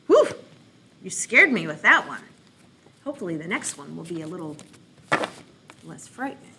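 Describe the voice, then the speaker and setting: A woman's voice: fairly low pitch, a little hiss or hum. A woman children's librarian with an American accent, cheerfully encouraging children in a reading lesson. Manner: encouraging, cheerful, slow and expressive.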